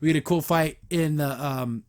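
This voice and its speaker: Slightly high and a bit mellow, this young man's voice moves at a moderate pace as he recaps a cartoon episode on his podcast. He rambles eagerly and casually, frequently starting over and laughing.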